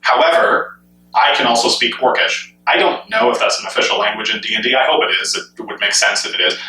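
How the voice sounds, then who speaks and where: A man's voice: mid-range voice, sharp tone. A man giving an enthusiastic solo commentary on gaming, asking many rhetorical questions as he goes. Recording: echoey room, mic at a distance.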